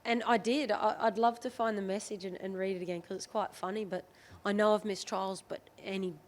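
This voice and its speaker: Speaking fairly quickly at medium pitch, a thirty-something Australian rugby league player chats openly on a podcast. She retells events with energy, frequently repeating others' words.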